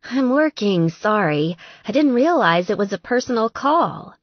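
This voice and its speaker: A woman's voice: mid-range voice, big pitch swings, measured pace, no echo, lo-fi sound. A woman narrator voicing a busy young woman with a light, cheerful voice, kind but apologetic.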